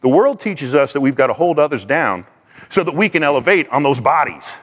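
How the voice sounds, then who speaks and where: Male teacher, lively delivery, slightly high voice, long hall reverb. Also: brisk. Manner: animated, acts out quoted people in voices. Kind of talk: teaching talk to a class.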